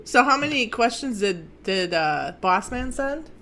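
A woman hosting a podcast, reading out a listener's question in an unhurried, hesitant way. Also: a little high, expressive, pushed and bright, slight background noise. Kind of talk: casual chat.

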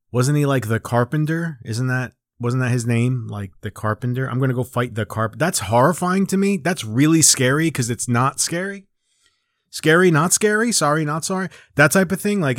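A man's voice: mid-range voice, fairly bright tone, no echo, studio quality. A man in his forties hosting a comedic chat, rambling and profane and mocking himself. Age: 40s. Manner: rambling, profane, self-mocking, with lots of restarts and riffs.

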